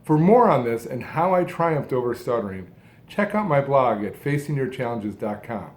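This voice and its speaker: A man giving an instructional talk, speaking deliberately in short phrases with strong emphasis on key words. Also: medium pitch, very animated, darkish tone. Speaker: speech coach who stutters.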